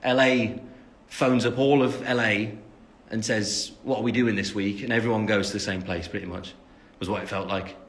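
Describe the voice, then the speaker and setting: His voice sits on the low side, steady in tone at normal speed with hardly any pauses. This Englishman in his twenties chats on a phone livestream, rambling through fan comments with many fillers and jokes at his own expense.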